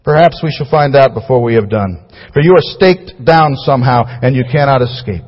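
Male preacher, mid-pitched, husky, earnest and pleading; recorded in a big hall with dull, echoing sound. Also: moderate pace. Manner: earnest, pleading, builds to loud emphatic cries then drops low. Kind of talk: sermon. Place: large hall before a crowd.

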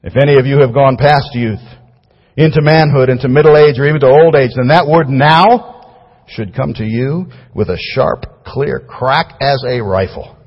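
Male preacher, mid-pitched, husky, earnest and pleading; recorded in a big hall with dull, echoing sound. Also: normal speed. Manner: earnest, pleading, builds to loud emphatic cries then drops low. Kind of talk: sermon. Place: large hall before a crowd.

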